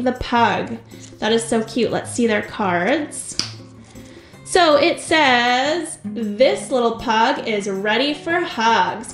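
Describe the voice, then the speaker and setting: A woman hosting a toy unboxing video, gushing with excitement and talking straight to her viewers. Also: fairly high pitch. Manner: gushing, excitable, talks to viewers as "you guys". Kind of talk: casual unboxing commentary. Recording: echoey room with faint music.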